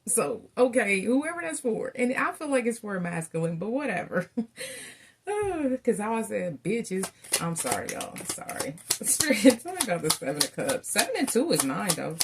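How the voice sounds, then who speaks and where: A woman's voice: medium pitch, sing-song, brisk, gravelly, few pauses, a little hiss or hum. A woman doing a casual tarot reading, telling stories in a chatty way and calling her viewers y'all. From Southern United States. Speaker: tarot reader.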